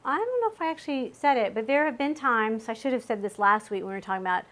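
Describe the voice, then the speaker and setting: Woman group leader, higher voice, casual and chatty, asks the room questions. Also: expressive, fast. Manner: warm conversational, laughs often, asks the group questions. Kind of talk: casual teaching talk to a small group.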